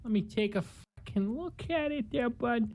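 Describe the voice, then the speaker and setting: A man's voice: very high-pitched, expressive, moderate pace, creaky. A man chatting while gaming, full of exasperated, profane banter with his friends. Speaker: gamer. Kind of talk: casual chat while gaming.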